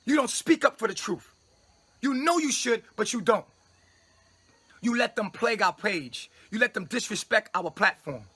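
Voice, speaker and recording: A man delivers a livestream sermon to his own followers, proclaiming himself their leader. His voice sits high and bright with a husky edge. He scolds in repeated, commanding phrases. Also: expressive, moderate pace. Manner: repetitive, scolding tone at listeners. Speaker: self-styled spiritual leader addressing followers. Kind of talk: livestream preaching monologue.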